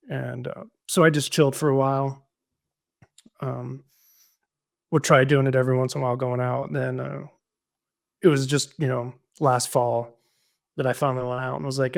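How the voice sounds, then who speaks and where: A man who is a guest on a recovery podcast, talking through his experience in a relaxed, reflective way, with many fillers and restarts. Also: medium pitch, normal speed, gravelly, long pauses. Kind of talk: casual conversational storytelling.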